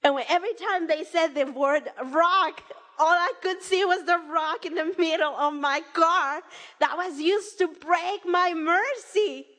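A woman's voice: extremely high pitch, measured pace, a bit bright. A woman telling a personal faith testimony in an earnest, heartfelt way, with small hesitations as she goes. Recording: echoey hall reverb.

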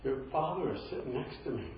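A preacher voicing a solemn, gentle divine male figure in a slow, tender way during a sermon. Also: mid-range voice, expressive, a little hiss or hum, pitched above the performer's own voice, natural voice. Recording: very echoey, dull-sounding room recording.

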